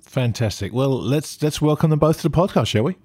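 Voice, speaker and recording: A man's voice: fairly high pitch, lively intonation, fairly quick, mellow, breathy edge, no echo. Upbeat Englishman co-hosting a podcast. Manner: upbeat, stumbles over repeated words. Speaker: podcast co-host. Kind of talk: casual podcast chat.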